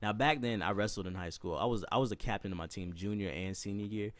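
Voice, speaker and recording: A man's voice: lowish voice, quick pace, dry recording. A young man telling a comedic, profane story from his school days, laughing often and acting out other people's voices.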